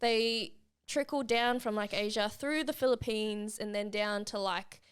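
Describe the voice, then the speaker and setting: Woman, podcast co-host, smooth clear voice, mid pitch, chatty, explaining. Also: unhurried. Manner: chatty, explaining, easy laughs. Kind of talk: casual podcast chat.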